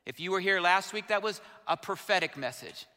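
A man's voice: high-pitched, animated, a little fast, sharp tone. A pastor, a man, preaching a sermon to his congregation in a conversational way, asking them questions. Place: church sanctuary. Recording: reverberant church hall.

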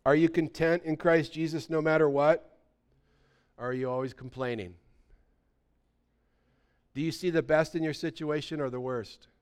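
A male pastor preaching to his congregation in a smooth, resonant voice. He sits a touch higher than most men and moves between earnest questions and animated storytelling. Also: moderate pace, pauses often. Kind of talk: sermon.

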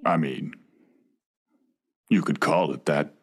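A man playing a polite, put-upon talking cow in an improv comedy scene, speaking deadpan and apologetic. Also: extremely low pitch, takes it slowly, vocal fry, pitched below the performer's own voice, heavily acted.

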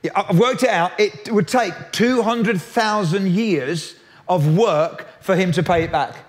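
High-voiced man preaching. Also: unhurried. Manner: lively, jokey, with frequent restarts. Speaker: pastor. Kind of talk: sermon.

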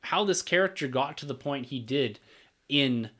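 A man's voice: mid-range voice, lively intonation, moderate pace, sharp tone. Man co-hosting a casual movie podcast. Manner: conversational, reads listener messages aloud. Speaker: podcast co-host. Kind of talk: casual chat.

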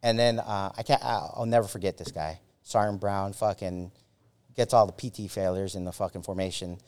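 A man in his forties with a fairly low voice tells a story as a podcast guest. He talks in a casual, halting way, swearing often and restarting his sentences, with plenty of fillers. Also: fairly even intonation, a little mellow, clear, resonant tone. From United States. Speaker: former Army Ranger.

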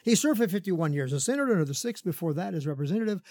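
A man's voice: high-pitched, expressive, very fast, darkish tone, no echo. A man hosting a radio show as a pastor, giving an opinionated commentary monologue with frequent fillers and chuckles.

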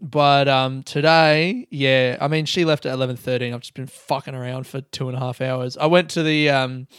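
A man's voice: mid-range voice, steady tone, moderate pace, a bit bright, clean tone, no room sound, clean studio sound. A young man hosting a solo podcast, rambling casually, swearing and laughing at himself. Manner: casual, swearing, laughing asides, self-mocking. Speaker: podcast host. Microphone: close podcast mic.

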